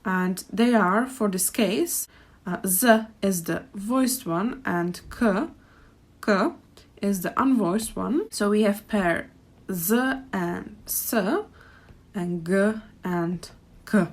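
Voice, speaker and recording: Czech lady teaching pronunciation, unhurried, says each word twice for you. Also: medium pitch. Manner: careful, repeats words slowly for learners. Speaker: language teacher. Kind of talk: pronunciation lesson.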